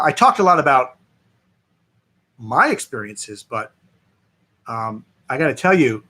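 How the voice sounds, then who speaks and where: A man, a film director, chatting as a guest and telling lively anecdotes with many fillers. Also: medium pitch. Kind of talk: interview storytelling.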